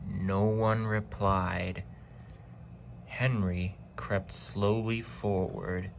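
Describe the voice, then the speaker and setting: A man narrating a children's train story in a deliberate storytelling manner. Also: lowish voice, a little hiss or hum.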